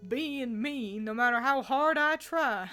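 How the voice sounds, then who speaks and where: A fairly high-voiced woman chats on her livestream, answering viewers in a rambling, easygoing way. She giggles often between thoughts. Soft music plays faintly behind her. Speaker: streamer.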